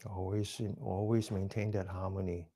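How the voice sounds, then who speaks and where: Male instructor, mellow voice, calm step-by-step cues, whispers breathing lines. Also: low-pitched, normal speed. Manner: drops to a soft whisper for breathing phrases. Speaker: mindfulness exercise instructor. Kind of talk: guided movement and breathing class.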